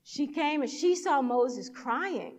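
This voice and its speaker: A woman's voice: sits high, animated, slow, a little mellow, big-room sound. A woman speaker at a church event, telling a personal story in a sermon and acting out the dialogue with animation.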